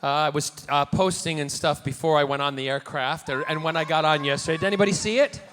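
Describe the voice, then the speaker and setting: A man in his forties, a celebrity guest at a convention panel, telling bawdy, campy anecdotes to the crowd with energetic restarts and playful jokes. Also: a little high, fast. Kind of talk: live convention Q&A storytelling. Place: large convention hall panel room. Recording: echoey hall with faint noise.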